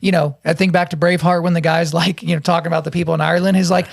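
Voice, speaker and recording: A man from Oklahoma hosting a Bible discussion podcast, his voice gravelly with a touch of fry and pitched a little high. He tells stories with energy and acts out the lines he quotes. The sound is close and dry. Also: rapid-fire, no room sound. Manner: animated storyteller, acts out quotes. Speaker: podcast host.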